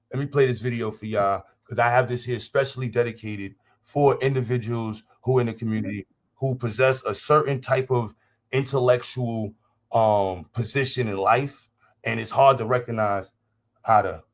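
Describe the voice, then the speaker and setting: A man's voice: medium pitch, moderate pace, fairly bright tone. A man hosting a livestream and talking casually to his chat, blunt, profane and combative, repeating phrases for emphasis. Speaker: livestream host.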